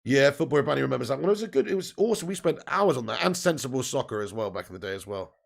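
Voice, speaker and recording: Talking very fast with lively intonation, this man has a medium-pitched voice marked by vocal fry. In his thirties, he runs a football watch-along stream, casually reading out chat messages with lots of laughter and easy swearing.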